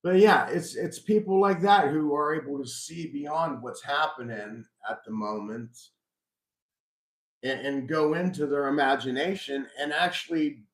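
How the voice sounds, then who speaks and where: A man's voice: on the high side, a little slow. A middle-aged man hosting a casual live chat, reflective and rambling with frequent restarts. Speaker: host. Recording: roomy echo.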